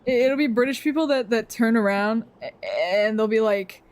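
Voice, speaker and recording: Young woman, casual stream rant, profane and rambling, a touch high-pitched. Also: animated, moderate pace. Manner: rambling, profane ranting with frequent laughs.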